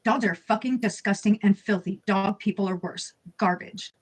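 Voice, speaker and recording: A woman's voice: medium pitch, normal speed, slightly rough. Sarcastic, blunt woman narrating commentary. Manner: sarcastic, blunt, swears freely. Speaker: video narrator. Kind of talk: scripted commentary reading out posts.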